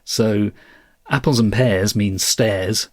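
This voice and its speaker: A man's voice: lowish voice, fairly even intonation, slow pace, dry recording, clean studio sound. A man co-hosting a podcast, chatting casually and often laughing as he explains things. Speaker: podcast co-host.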